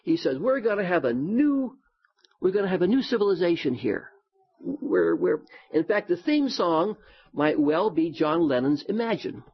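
Animated, husky-voiced male Bible teacher. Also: sits high, moderate pace. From United States. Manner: animated, folksy, lively asides. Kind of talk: sermon. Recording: dull lo-fi sound.

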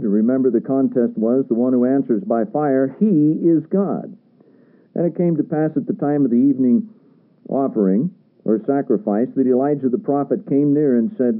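A man's voice: medium pitch, moderate pace. A man preaching a sermon, reading scripture aloud and pressing his listeners with emphatic rhetorical questions. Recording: tinny radio broadcast sound.

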